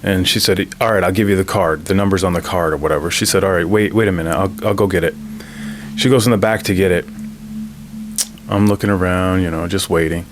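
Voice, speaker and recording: A man's voice: sits low, steady tone, fast, soft background music. A man, the channel host, telling a personal story in a casual monologue and often checking in with "right?".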